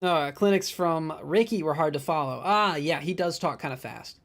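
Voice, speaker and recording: A man from Minnesota with a Midwestern American accent, co-commentating a disc golf stream in a chatty, quick way that breaks easily into laughter. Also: fairly high pitch, fairly bright tone. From Minnesota, USA. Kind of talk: casual live-stream commentary.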